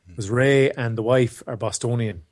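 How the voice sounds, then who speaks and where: A man's voice: mid-range voice, moderate pace, a little mellow. A man co-hosting a casual podcast, giving brief, wry replies and news updates. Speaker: podcast co-host. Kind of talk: casual chat.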